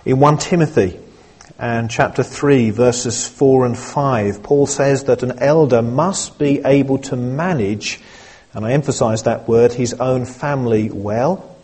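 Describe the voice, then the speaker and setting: Slow, husky-voiced male preacher. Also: medium pitch, steady tone, a little mellow. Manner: measured, earnest preaching with small restarts. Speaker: pastor. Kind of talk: sermon.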